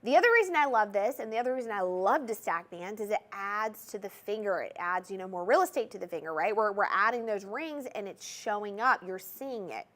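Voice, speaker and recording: A woman's voice: medium pitch, lively intonation, a little fast, hardly any pauses, a bit bright. A young woman with a Southern US accent, hosting a TV jewelry shopping show in a bubbly, chatty, salesy manner. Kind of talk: TV shopping presentation.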